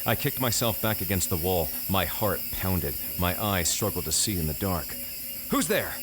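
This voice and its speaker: A man narrating a first-person horror story in a measured, deadpan way. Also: low-pitched.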